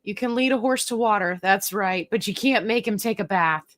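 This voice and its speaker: A woman's voice: mid-range voice, normal speed. A middle-aged woman hosting a casual livestream, chatty and jokey as she reads viewer comments aloud. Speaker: livestream host.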